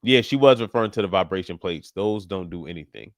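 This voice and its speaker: A man's voice: low voice, lively intonation, fast, no echo, clean studio sound. A young man hosting a live stream as a fitness coach, chatting casually and encouraging callers, laughing often. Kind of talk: casual livestream chat.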